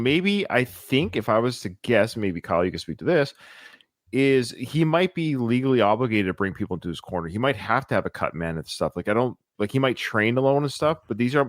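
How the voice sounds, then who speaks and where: Podcast host, man, lively delivery, dry close sound, laughs easily. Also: lowish voice, no room sound. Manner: lively, laughs often, reads and recaps scenes. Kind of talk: casual chat.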